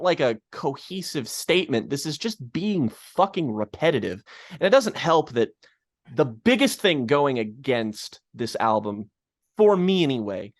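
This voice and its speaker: A man's voice: on the high side, dry recording, clean studio sound. A man from Kentucky co-hosting a music podcast, ranting in casual chat, swearing freely and stumbling over restarts. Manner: ranting, profane, full of restarts and stammers. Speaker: podcast co-host.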